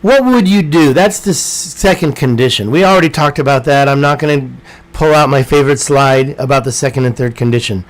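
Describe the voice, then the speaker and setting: A man's voice: medium pitch, fairly quick, few pauses, poor audio. A man teaching an informal online English lesson, rambling and talking to himself as he edits his slides. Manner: rambling, talks to himself while editing slides.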